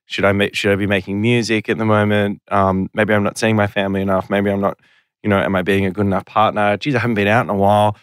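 A man's voice: lowish voice, level tone, quick pace, clear, resonant tone, no echo, clean studio sound. A man talking as a podcast guest, telling long stories in a rambling, self-deprecating way. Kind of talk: casual podcast interview.

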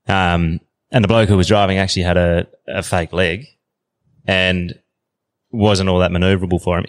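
A man in his thirties with an Australian accent, telling a story as a podcast guest in a relaxed, slangy way. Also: sits low, dry recording. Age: 30s. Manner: relaxed yarn-spinning, slangy. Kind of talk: casual storytelling.

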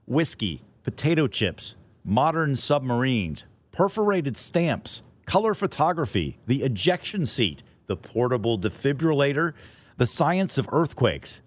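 A man's voice: mid-range voice, very animated, measured pace. A middle-aged man telling a scripted, wry, playful story as a podcast host.

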